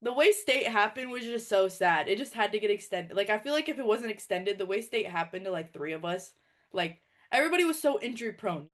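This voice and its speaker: A young woman, a former college wrestler turned coach, telling stories in casual conversation with lots of "like" and acted-out quotes. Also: medium pitch. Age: young adult. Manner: fast, filler-heavy, animated storytelling with quoted dialogue.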